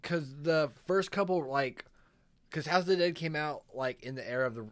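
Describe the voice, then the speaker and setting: A man in a casual podcast chat, calmly adding background and explaining video game references. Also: on the high side, moderate pace. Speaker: podcast co-host. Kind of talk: casual movie-riffing chat.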